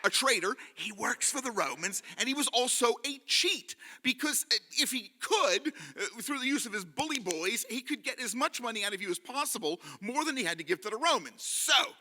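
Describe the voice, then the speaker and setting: A man telling a story live to an audience in a hall, animated and leading them in call-and-response. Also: high voice.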